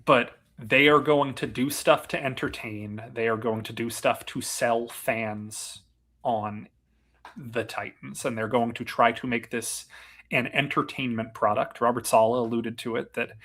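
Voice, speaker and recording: A man's voice: medium pitch, fairly even intonation, a little slow, fairly bright tone. A man co-hosting a sports podcast as a reporter, talking with dry, self-deprecating humor. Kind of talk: casual sports chat.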